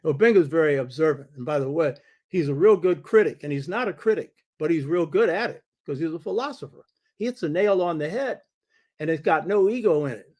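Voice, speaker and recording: An older man with a slightly high voice speaks as the host of his own show. He delivers a lecture-style monologue from his home study. He talks emphatically and repeats phrases to drive points home. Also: lively intonation, brisk, darkish tone, dull audio.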